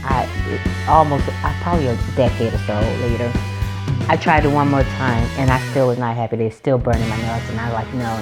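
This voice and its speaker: A woman's voice: sits low, darkish tone. A woman chatting casually in a nail vlog, rambling through a story with restarts and self-corrections. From North Carolina, USA. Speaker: nail vlogger. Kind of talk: casual chat. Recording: background guitar music.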